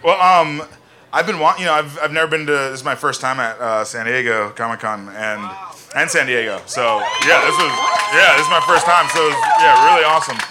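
A man speaking on a convention panel, halting with many restarts and fillers. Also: a little high, a crowd in the background. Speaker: panel guest. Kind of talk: casual panel chat.

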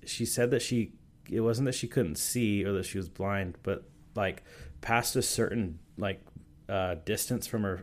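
A man who is a youth pastor, telling stories in a casual podcast interview, full of "like" and "you know" restarts. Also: sits low. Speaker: youth and young adults pastor. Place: podcast recording session.

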